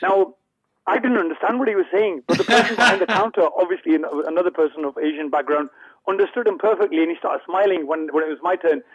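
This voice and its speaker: A man's voice: high-pitched, quick pace. Man telling stories over a tinny phone. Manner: anecdotal, repeats words when starting. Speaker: phone-in guest. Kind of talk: casual storytelling chat.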